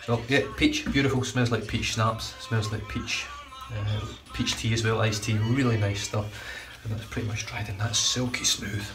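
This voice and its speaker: A man's voice: lowish voice, steady tone, normal speed, hardly any pauses, music in the background. A man chatting casually in his bathroom about a shave, rambling, swearing freely and correcting himself as he goes. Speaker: shaving vlogger. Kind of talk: casual product review chat. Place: home bathroom.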